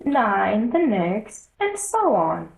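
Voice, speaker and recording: A woman voicing a sad, sighing male Mock Turtle in a storybook reading, in a high, wavering, mournful voice. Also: big pitch swings, extremely slow, creaky, reverberant, exaggerated voice, rough recording.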